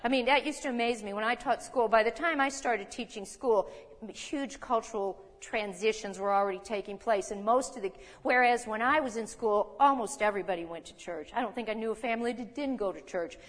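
An older woman teaches scripture in a folksy, conversational way, dropping chuckling asides and rhetorical questions. Her voice sits fairly high. It carries a long reverb, as in a big hall. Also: a little fast. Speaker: Bible teacher.

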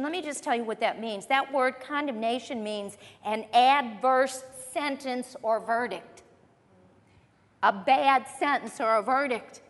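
A woman preaching a sermon, emphatic, slowing down to stress key phrases. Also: a little high, big-room sound.

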